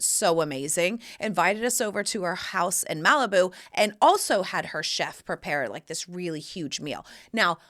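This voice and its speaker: A woman in her forties hosting a podcast, telling stories in a lively, casual chat full of fillers. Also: medium pitch. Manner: animated, chatty storytelling with lots of fillers. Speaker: podcast host. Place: room of a home studio.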